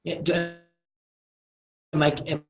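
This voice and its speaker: A man's voice: slow pace, highs cut off. A confident, assertive man giving a live sales training talk to a small group, acting out what he says to people. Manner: confident, assertive, acts out dialogue. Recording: echoey room recording.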